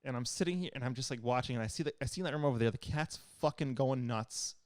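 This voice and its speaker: A young man, co-hosting a casual podcast. He rattles off a profane, animated story at a fast clip. The sound is dry and close to the mic. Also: medium pitch, no room sound. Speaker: podcast co-host. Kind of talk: casual chat.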